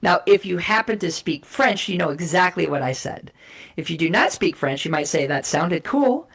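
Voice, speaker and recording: Woman, gravelly edge, emphatic, persuasive, teaching tone. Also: fairly low pitch, moderate pace, a bit bright. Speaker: guest speaker on communication. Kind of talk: animated explanatory talk with role play.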